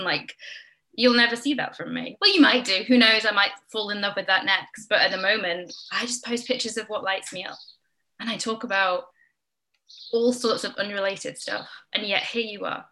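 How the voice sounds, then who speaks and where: Bright-voiced woman host, chatty. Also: mid-range voice, poor audio. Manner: chatty, lots of filler "like". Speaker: host and Instagram teacher. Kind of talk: casual teaching on a group call. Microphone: video call.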